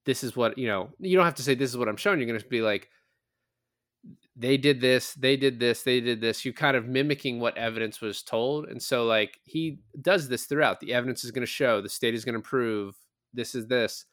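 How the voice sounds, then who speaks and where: A man's voice: medium pitch, fairly quick, a bit bright, no room sound, studio quality. A man co-hosting a podcast, casually retelling movie scenes and explaining legal details, swearing now and then. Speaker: podcast co-host, lawyer.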